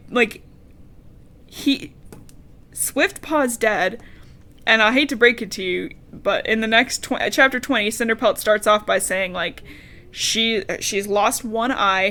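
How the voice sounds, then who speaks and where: A woman co-hosting a podcast, recapping a book in casual, animated chat, laughing and swearing casually. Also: mid-range voice. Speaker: podcast co-host.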